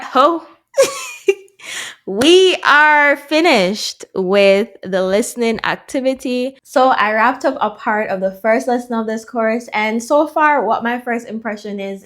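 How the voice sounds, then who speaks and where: A woman vlogging casually to her viewers as she works through a language course, chatty and laughing at her own mistakes. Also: medium pitch. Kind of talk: casual vlog chat to viewers.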